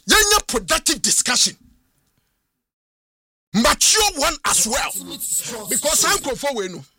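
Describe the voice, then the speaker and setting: A man's voice: very high-pitched, sharp tone, no echo, clean studio sound. A man with a Ghanaian accent, hosting a sports radio talk show and giving emphatic, argumentative opinions. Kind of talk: radio sports talk in mixed Twi and English.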